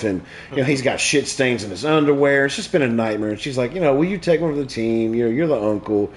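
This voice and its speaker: A man, a comedian hosting a stream, tells crude jokes and stories in relaxed, profane chat. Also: medium pitch, fairly quick, slight background noise. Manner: crude, profane joke-telling. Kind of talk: casual storytelling chat.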